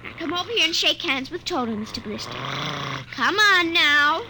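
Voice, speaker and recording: A spoiled little girl in a vintage radio play, pleading and whining. The voice is very high with big leaps in pitch. Loud hiss from the old recording runs beneath it. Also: normal speed. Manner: pleading, whiny, excitable. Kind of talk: 1940s radio acting.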